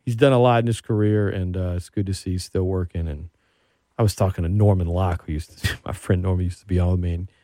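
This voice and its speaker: A man hosting a radio show, chatting casually and telling stories with animated excitement. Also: low voice, fast, no echo, studio quality. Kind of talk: casual chat.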